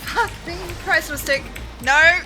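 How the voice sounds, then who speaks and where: A woman streaming a video game, chatting to her viewers, excitable and swearing often, with frequent laughs. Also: high-pitched, normal speed, soft background music, low-quality recording. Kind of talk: live-stream chat while gaming.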